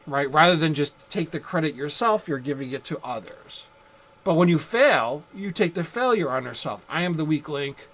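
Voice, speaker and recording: Man, psychology lecturer, slightly high voice, chatty, rhetorical asides. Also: expressive, normal speed, a bit bright, low-quality recording. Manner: conversational, rhetorical asides, acts out angry drivers. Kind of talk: recorded classroom lecture.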